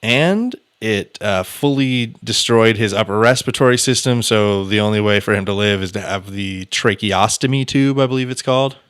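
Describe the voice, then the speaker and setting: A man's voice: on the low side, normal speed, few pauses, a bit bright, smooth. A man hosting a podcast, casually retelling a true-crime case in a loose, chatty way with filler words and the odd curse. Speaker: podcast host.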